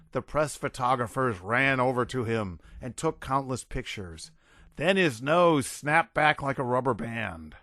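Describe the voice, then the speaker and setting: A man's voice: mid-range voice, fairly bright tone, no echo. Man narrating an audiobook, dry sound.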